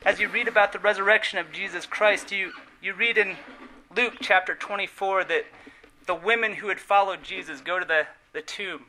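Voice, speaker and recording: A man preaching a sermon in an earnest, emphatic way, slowing on key words and letting phrase endings fall soft. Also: high-pitched, steady tone, slight background noise, poor audio.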